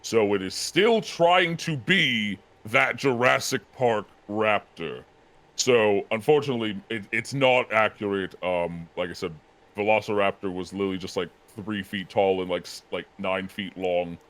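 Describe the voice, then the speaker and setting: A man talking as a guest in casual chat, animated, laughing easily and often correcting himself. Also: on the low side, moderate pace.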